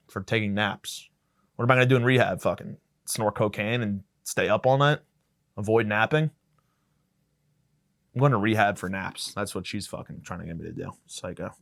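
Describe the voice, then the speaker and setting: A man's voice: lowish voice, gravelly, a bit bright. A young man hosting a podcast, delivering a rambling, profane comedic monologue that jumps from tangent to tangent. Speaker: podcast host.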